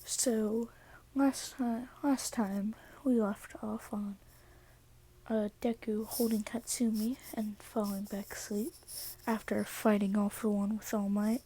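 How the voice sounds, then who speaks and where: A woman video creator casually narrating a fan story she makes up, soft-spoken and hesitant with many fillers. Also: mid-range voice, steady tone, slow pace, husky.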